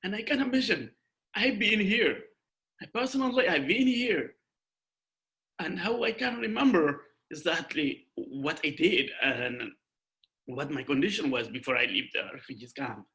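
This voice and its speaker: A young man giving an emotional personal testimony over a video call, halting and restarting often. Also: on the high side, animated, pushed and bright. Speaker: guest speaker.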